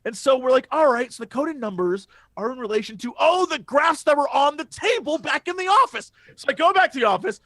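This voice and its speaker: A man in casual podcast chat, his voice sitting high for a man as he tells a story. He gets worked up and swears often. The sound is dry and close, with no room echo. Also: fairly quick, few pauses. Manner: excitable storyteller, swears freely. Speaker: podcast co-host.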